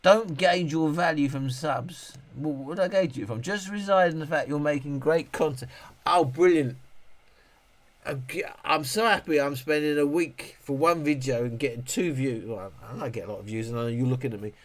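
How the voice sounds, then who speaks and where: A man's voice: on the high side, moderate pace. A man hosting a casual livestream, rambling and joking while he moans and swears. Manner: rambling, joking, moaning with frequent laughs and swearing. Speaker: livestream host reviewing speakers.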